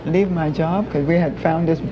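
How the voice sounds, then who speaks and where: A woman's voice: sits low, fairly even intonation, normal speed, noisy background. A woman, the host's mother, reflectively telling a story in an interview. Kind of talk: reminiscing interview. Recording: muffled, with crowd behind.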